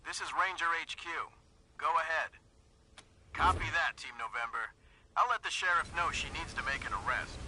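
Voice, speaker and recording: An actor playing a ranger radio dispatcher, speaking in clipped radio procedure in a video game. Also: male voice, fairly high pitch, lively intonation, moderate pace, bright, forceful tone, slight background noise, rough recording.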